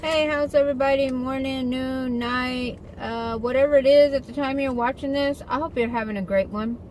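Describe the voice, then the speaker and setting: A woman's voice: high-pitched, fairly even intonation, normal speed, a little mellow, slight background noise, poor audio. A woman chatting casually in her car on an eating-show vlog, rambling along with fillers and asides. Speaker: vlogger. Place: inside a parked car.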